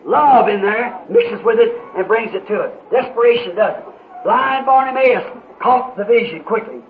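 A man preaching a sermon in an impassioned way, rising to shouts with dramatic pauses, on an old muffled tape. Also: high-pitched, animated, a little hiss or hum.

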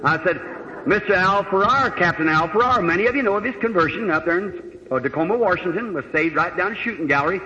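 A man's voice: high-pitched, lively intonation, quick pace, pushed and bright, slight background noise. A man preaching, telling a story in a folksy, plain-spoken way, acting out the dialogue, before a congregation in a large hall. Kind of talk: sermon storytelling. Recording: old dull recording in a hall.

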